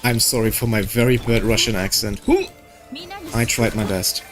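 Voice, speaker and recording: A man's voice: lowish voice, fairly even intonation, moderate pace, music in the background. A young man chatting casually and joking while playing a game, reading its dialogue aloud. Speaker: gaming video creator.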